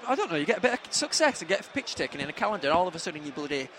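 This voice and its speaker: A man co-hosting a football podcast, chatty and quick to tease. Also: a little high, expressive, background noise. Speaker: podcast co-host. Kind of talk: casual football banter.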